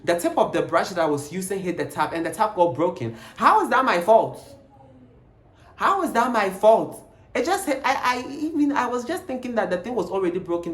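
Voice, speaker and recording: A young man tells a storytime vlog. He is emphatic and animated, and he keeps firing rhetorical questions. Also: high voice. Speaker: vlogger. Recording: roomy echo, faint background noise.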